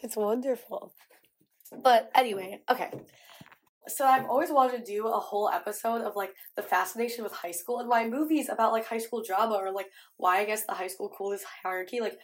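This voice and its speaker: A woman's voice: fairly high pitch, a little fast. A young adult woman hosting a podcast, chatting casually and telling stories with lots of "like". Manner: chatty storytelling, heavy use of "like". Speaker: podcast host. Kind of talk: casual chat.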